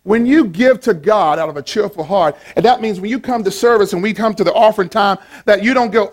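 Male pastor with a high voice, preaching a playful, animated sermon with call-and-response. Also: a little fast, few pauses.

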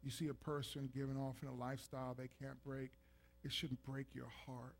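A man preaching a sermon, building to loud, emphatic peaks and acting out scripture scenes. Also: mid-range voice, brisk, gravelly. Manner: builds from calm to shouting intensity, acts out scripture voices.

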